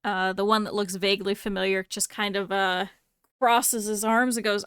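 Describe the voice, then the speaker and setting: A woman's voice: mid-range voice, little pitch movement, moderate pace, a bit bright, smooth, no room sound, clean studio sound. A woman narrating a tabletop game as game master, loose and full of fillers. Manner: loose, hesitant, many fillers.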